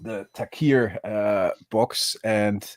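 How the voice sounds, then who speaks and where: A man's voice: on the low side, very slow, no echo. A middle-aged man with a German accent who hosts a card game channel, chatting casually and rambling on a live stream with friends, full of fillers and restarts. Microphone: video call.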